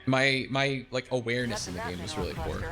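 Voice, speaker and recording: Young man, game streamer, lively self-mocking talk, faint music behind. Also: medium pitch, brisk. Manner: animated, self-deprecating, laughs often. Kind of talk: casual game commentary.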